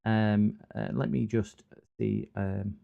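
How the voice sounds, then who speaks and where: A man's voice: lowish voice, little pitch movement, slow, vocal fry, phone-quality sound. A man hosting a repair livestream, chatting casually and rambling with lots of fillers. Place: home workshop.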